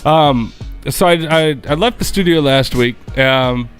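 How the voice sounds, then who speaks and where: A man with a fairly high voice tells a story on a podcast in loose, casual chat. He swears freely and acts out the voices of the people in it. Faint music plays behind him. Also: unhurried. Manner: animated, profane, acts out quoted dialogue. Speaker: podcast co-host.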